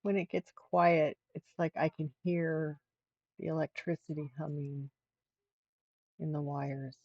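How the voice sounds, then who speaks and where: A woman's voice: low voice, level tone, measured pace, a little mellow, no echo, muffled recording. A middle-aged woman hosting a livestream, telling a rambling story in casual chat with frequent restarts. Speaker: livestream host.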